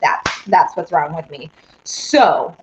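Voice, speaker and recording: A woman's voice: deep voice, slow pace, background noise. A young woman hosting a casual live stream, reading viewer comments and chatting in a bubbly, rambling way. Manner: bubbly, squeals with excitement, rambling. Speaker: live-stream host and singer. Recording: dull lo-fi stream audio.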